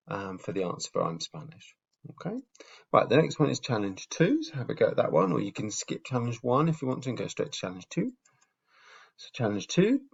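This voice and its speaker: A man's voice: medium pitch, creaky, muffled recording. A man teaching a beginners' language lesson in a patient, step-by-step way, with frequent ums. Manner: patient, explains step by step with fillers. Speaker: Spanish teacher. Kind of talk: casual video lesson.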